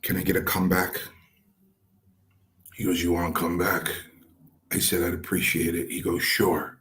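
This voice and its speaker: A man's voice: deep voice, moderate pace. A middle-aged man, a former wrestler, telling stories from his career and acting out what others said. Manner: acts out quotes of others, lively. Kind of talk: anecdotal storytelling.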